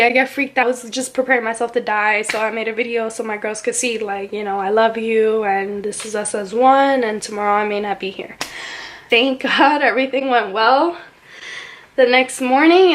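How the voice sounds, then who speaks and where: A young woman vlogger casually telling a story, animated and chatty, full of "like" fillers. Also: on the high side.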